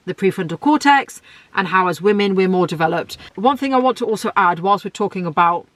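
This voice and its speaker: A woman's voice: fairly bright tone, no room sound. A woman, hosting a solo podcast in a blunt, outspoken, ranting way. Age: 20s. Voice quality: deep voice. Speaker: podcast host.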